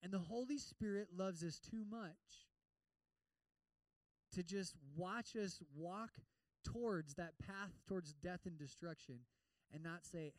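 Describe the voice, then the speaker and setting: High-voiced animated preacher man. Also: slow, no echo, far from the mic, rough recording. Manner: animated, repeats words, acts out prayers. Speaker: pastor. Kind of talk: sermon.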